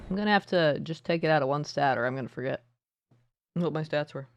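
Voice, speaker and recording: A woman's voice: low-pitched, normal speed, clean tone. Sardonic woman streamer muttering. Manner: sardonic, muttering, swearing asides. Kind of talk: casual gameplay commentary.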